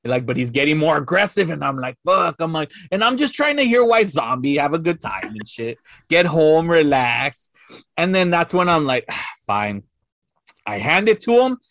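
A man tells a story in a relaxed podcast chat, his voice a little higher than most men's. He swears freely and slips into the voices of the people in his tale. The sound is close and dry, with no room around it. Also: normal speed, creaky, no room sound. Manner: animated storyteller, swears a lot, acts out quotes. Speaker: podcast guest.

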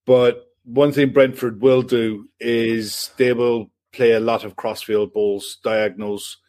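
Podcast co-host, plain mid-pitched man, relaxed and agreeable. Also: slow pace. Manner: relaxed, agreeable, relays questions from the chat. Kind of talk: casual football chat.

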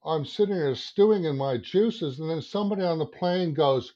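An advertising creative director in his fifties, appearing as a podcast guest, tells a long anecdote with animated energy, swearing and acting out his own inner voice. His voice is a little high, at normal speed with few pauses. The recording sounds dull and lo-fi.

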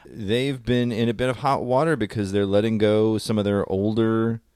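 A man's voice: on the low side, fairly even intonation, normal speed, darkish tone, smooth, dry recording, studio quality. A man in his forties, a former radio DJ, co-hosting a podcast in casual chat and laughing often.

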